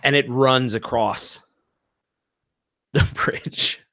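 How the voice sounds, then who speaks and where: A man's voice: mid-range voice, steady tone, drawn-out words, creaky, sharp tone, dry recording. Male game master narrating with easy laughs, recorded dry. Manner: casual, laughing narration with fillers.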